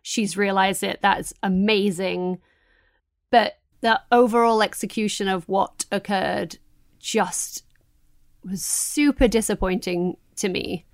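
A woman's voice: mid-range voice, fairly even intonation, slow, no echo. A woman co-hosting a podcast, chatting animatedly and laughing easily. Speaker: podcast co-host. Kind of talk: casual wrestling chat.

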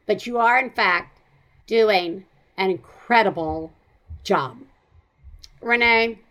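A woman with a Southern American accent hosting a podcast, talking in a chatty, animated way with frequent laughs. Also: mid-range voice, slow pace. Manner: chatty, animated, laughs often, rambling asides. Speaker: podcast host. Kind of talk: casual chat.

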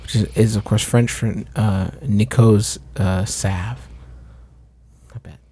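A man co-hosting a casual history podcast who makes wry, joking asides in a gravelly, husky voice. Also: fairly low pitch, fairly even intonation, slow, mellow, no echo. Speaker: co-host.

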